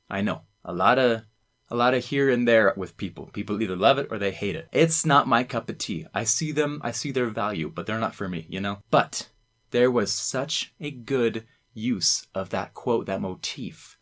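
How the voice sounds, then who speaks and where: A young man, a student presenter, talking casually and enthusiastically to camera, rambling and acting out quoted lines. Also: on the low side. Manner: enthusiastic, rambling, quoting lines in acted voices.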